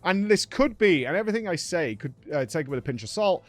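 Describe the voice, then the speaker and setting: A man's voice: a little high, expressive, quick pace, no echo. A man hosting a casual gaming recap, telling the story with laughs and acted-out quotes. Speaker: gaming streamer host.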